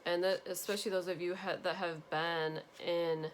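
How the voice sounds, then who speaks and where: Woman, tarot reader, earnest and reassuring, lower voice, light background hiss. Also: level tone, normal speed. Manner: gentle, earnest, repetitive reassurance. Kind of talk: spiritual tarot reading to viewers.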